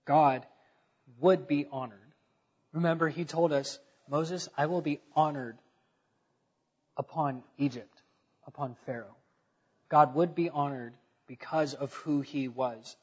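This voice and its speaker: A man's voice: mid-range voice, husky, in a large hall, dull audio. A man preaching a conversational sermon, telling the story in casual talk with fillers and stressing key points.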